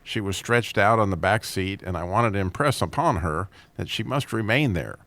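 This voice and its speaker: A man with a low voice reads a string of jokes and funny stories, chuckling at his own punchlines. He jumps up in pitch whenever he quotes a character. The sound is dry and close, with little room around it. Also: animated, moderate pace, fairly bright tone, dry recording. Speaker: host.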